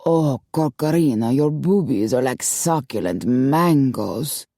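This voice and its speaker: A woman voicing a suave, smug male Latin lover who murmurs low and slow with a Latin accent. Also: lively intonation, dark tone, no room sound, clean studio sound, full character voice. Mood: amorous.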